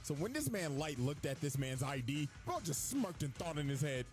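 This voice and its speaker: A man tells a comedy recap in a lively voice that rides up and down. He sounds crude and joking, with music playing under him. His voice sits a little high for a man. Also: moderate pace. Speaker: commentary narrator. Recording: narrated video with background music.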